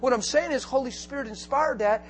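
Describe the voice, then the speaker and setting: High-voiced, animated man preaching. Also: fairly quick, slight background noise. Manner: animated, laughing, shouts for emphasis. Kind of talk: storytelling sermon.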